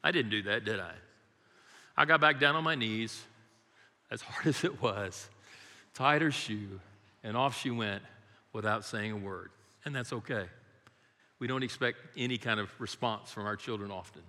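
A man's voice: fairly low pitch, normal speed, long pauses, pushed and bright. Older man preaching in a reverberant hall. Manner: folksy, humorous storytelling. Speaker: guest preacher. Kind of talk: sermon with prayer and storytelling. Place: church sanctuary. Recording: long reverb of a large hall.

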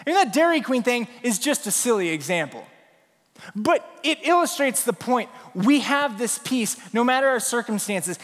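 Male preacher, animated storyteller, higher-pitched voice, long church-hall reverb. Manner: animated storytelling, acts out scenes. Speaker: pastor. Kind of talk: sermon. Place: church sanctuary.

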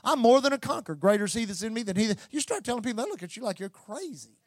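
A man preaching a sermon as pastor, building to loud, repeated calls to his church. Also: very high voice, big pitch swings, rapid-fire, no room sound. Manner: preaching with rising, shouted repetition.

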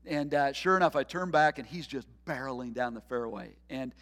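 Animated man preaching in a reverberant hall. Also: medium pitch, brisk. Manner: animated, laughs often, acts out his own thoughts. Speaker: pastor. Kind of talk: sermon with personal story.

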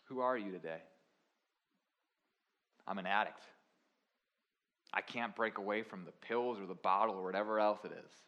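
A young man preaching a sermon, swinging from quiet confessional lines to loud, emphatic preaching. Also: lowish voice, normal speed, pauses often, lo-fi sound. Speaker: pastor.

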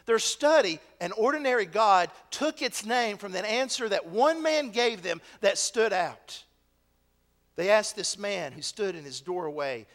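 A male pastor delivers a sermon in a high, bright, ringing voice. He drops to a near-whisper for quiet points, then climbs to loud, shouted declarations. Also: sing-song, unhurried.

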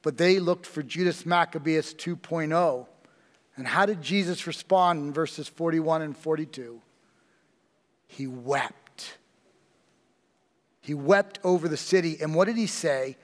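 Male pastor, high voice, unhurried sermon delivery, reverberant church hall. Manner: slow, emphatic preaching with dramatic pauses.

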